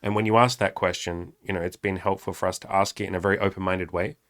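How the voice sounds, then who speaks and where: A man's voice: low-pitched, steady tone, fast talker, fairly bright tone. A young man hosting a casual talk with his partner, candid and swearing, acting out old arguments. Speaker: podcast host. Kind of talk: casual couple chat.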